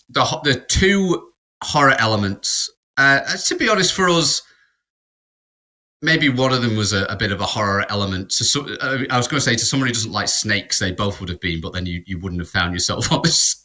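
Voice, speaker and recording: A man's voice: on the low side, pushed and bright. A man, co-hosting a podcast and telling a rambling anecdote in casual chat, with restarts and laughter. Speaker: podcast co-host. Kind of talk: casual storytelling.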